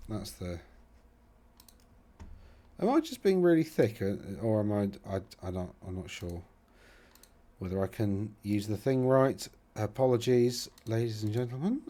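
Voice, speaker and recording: A man's voice: fairly low pitch, animated, measured pace, long pauses, warm tone. A man hosting a casual commentary, rambling and thinking aloud with self-deprecating asides as he browses results. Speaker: host.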